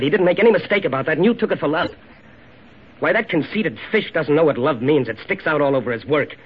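A man's voice: on the high side, husky. An actor playing an ardent, insistent young man in 1940s radio drama, with an earnest, persuasive delivery. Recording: dull old radio recording with faint hiss.

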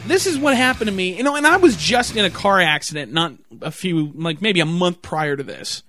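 Guy with a pretty high voice going off on a sweary rambling rant, kinda tired, faint music behind. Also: a little fast. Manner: rambling, heavy swearing, animated asides. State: tired, yawning. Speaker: storyteller. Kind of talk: profane storytelling rant.

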